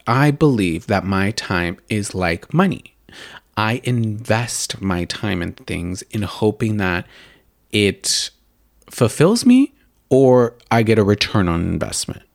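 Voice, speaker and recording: A man's voice: on the low side, vocal fry, no echo, studio quality. A young man hosting a makeup show, ranting casually in a rambling, profane way full of "like" fillers. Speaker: makeup video and podcast host.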